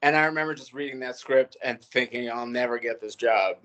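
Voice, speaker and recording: Relaxed, joking man guest. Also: medium pitch, a little fast, low-quality recording. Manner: relaxed, joking, with many fillers. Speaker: actor, guest. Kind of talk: casual interview chat.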